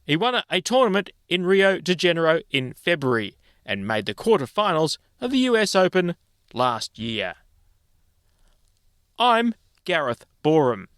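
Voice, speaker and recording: A male news presenter reads bulletins in a measured, clear style. His voice sits a little high for a man, and the studio sound is dry and close. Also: very animated, a bit bright, dry recording. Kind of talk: scripted news reading. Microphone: studio microphone.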